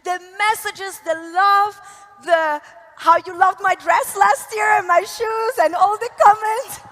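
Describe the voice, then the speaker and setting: High-voiced Italian woman on a big stage. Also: slow. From Italy. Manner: animated, gushing, lots of laughs. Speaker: conference speaker. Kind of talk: motivational stage talk. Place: large convention hall. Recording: echoey hall reverb.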